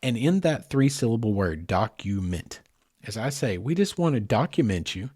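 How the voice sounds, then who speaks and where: A man's voice: mid-range voice, sing-song, moderate pace, darkish tone, husky, no echo, clean studio sound. A middle-aged man hosting a podcast, telling a story casually and with animation, speaking directly to his listeners. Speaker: podcast host.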